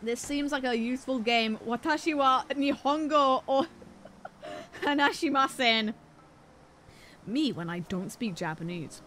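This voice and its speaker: A woman's voice: high-pitched, animated, unhurried, long pauses, a bit bright, a little hiss or hum. A woman streaming a game, chatting playfully, joking at herself and laughing often. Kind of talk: casual game-stream commentary.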